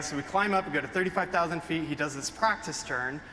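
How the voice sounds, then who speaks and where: A man's voice: fairly high pitch, moderate pace, few pauses, pushed and bright, a little hiss or hum. A man giving an emotional, earnest talk on stage before an audience, telling a story through a stage microphone.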